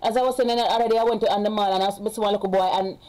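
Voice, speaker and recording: Chatty Jamaican woman with a mellow voice. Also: medium pitch, fairly even intonation, very fast, slight background noise, low-quality recording. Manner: rambling and chatty, breaking off to give orders to her children. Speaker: live streamer and mother. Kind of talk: casual live-stream chat. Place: home.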